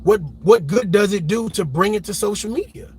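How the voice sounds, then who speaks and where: Man, ranting commentary, high-pitched, husky edge, emphatic, repeats words, swears a lot. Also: a little fast, darkish tone. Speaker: reaction commentator.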